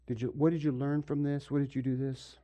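A pastor giving a sermon, moving from quiet stretches to loud, emphatic preaching and asking his congregation questions. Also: mid-range voice, flat delivery, fairly quick. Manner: asks the audience questions. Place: room with a congregation.

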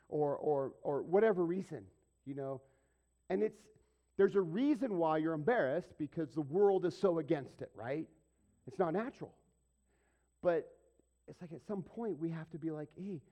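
A middle-aged pastor delivers a sermon in a loose, conversational way. He often checks in with the congregation through quick rhetorical questions and acts out small scenes as he goes. His voice sits a little high, with a warm, mellow tone. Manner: conversational preaching with rhetorical questions and acted-out asides.

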